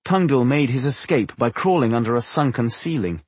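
A man narrating a fantasy novel as an audiobook, telling it in an expressive way. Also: mid-range voice, moderate pace, husky, no echo. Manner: expressive storytelling.

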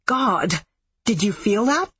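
A woman's voice: mid-range voice, very animated, slow pace, a bit bright, breathy edge, no room sound, heavily acted. A woman reading an audiobook voices an uneasy woman psychiatrist asking anxious, hesitant questions.

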